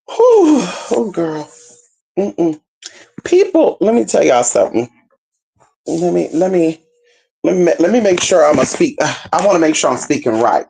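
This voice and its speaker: A woman from California talking casually to her viewers as a spiritual reader, sassy and chatty, calling them baby and girl, dropping to low murmurs and jumping up to high squeals. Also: gravelly, mellow.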